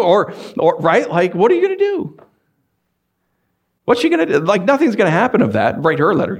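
Animated man preaching a sermon. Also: high-pitched, fairly quick. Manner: animated, asks the congregation many questions. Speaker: pastor. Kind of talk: conversational sermon. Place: church sanctuary.

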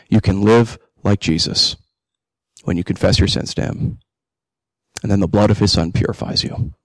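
Man, 30s, pastor mid-sermon, lively with humor, dry close mic. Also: lowish voice, no room sound, low-quality recording. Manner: animated, jokey asides, rising emphatic peaks. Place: church hall.

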